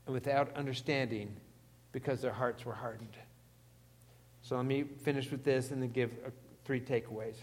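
A man's voice: mid-range voice, big-room sound. A man preaching a sermon, emphatic and putting questions to the congregation. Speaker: pastor.

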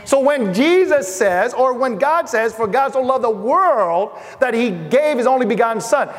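A man preaching a sermon, building through emphatic repeated lists and then dropping soft and low to tell personal stories. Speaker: pastor. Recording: reverberant hall.

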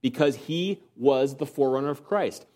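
A man preaching a sermon, earnest, asking rhetorical questions and swinging from emphatic peaks to quiet low passages. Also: normal speed. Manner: asks the congregation rhetorical questions.

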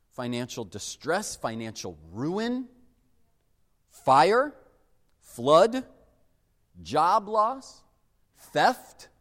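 A man delivers a sermon in a high, lively voice that leaps up and then falls to a near hush for emphasis. His words ring out with a long reverb, as if from a large hall. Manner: animated, emphatic preaching with sudden drops to quiet. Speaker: pastor.

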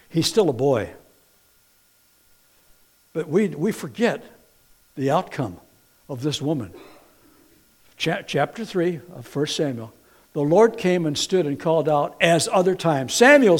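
A middle-aged man delivers a sermon with a somewhat high voice. He keeps it lively, dipping quiet and then rising loud. His storytelling is folksy and full of playful asides. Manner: animated, swings from quiet to loud. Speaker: pastor.

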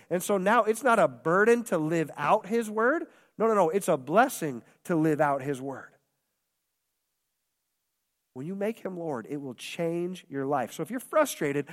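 A man preaching a sermon as pastor, impassioned and repetitive, acting out quoted voices. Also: high voice. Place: church hall. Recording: long hall reverb.

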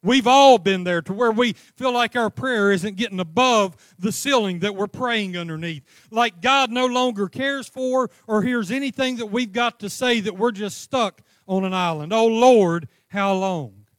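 A man preaching a sermon, crying out passionately at times and easing into a calm teaching tone at others. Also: sits high, moderate pace, hardly any pauses, no echo, clean studio sound. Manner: impassioned preaching, rising to cries then dropping to a calm teaching tone. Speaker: pastor.

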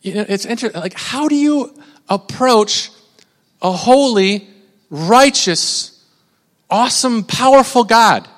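This high-voiced young pastor takes his time with a casual sermon, pausing often while rambling animatedly and repeatedly interrupting or restarting himself. His voice echoes with lengthy reverb, like in a big hall.

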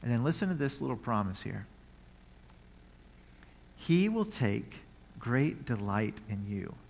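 A man preaching a sermon at a middle pitch, talking in an easy, conversational way. He reads scripture aloud and now and then breaks out in a loud, happy cry. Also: sing-song, unhurried, creaky. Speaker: pastor.

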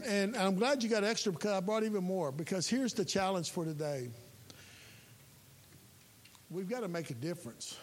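A chaplain preaching a sermon in a folksy, emphatic way, his voice rising to loud peaks. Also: high-pitched. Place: church sanctuary. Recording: reverberant hall with faint hiss.

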